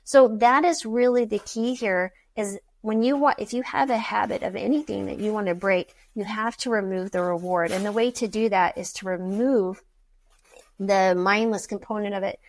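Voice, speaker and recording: A woman physician telling patient stories in a casual podcast conversation, lively as she acts out quoted voices. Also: medium pitch, moderate pace. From United States. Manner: animated storyteller, acting out quoted patients. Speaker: physician guest.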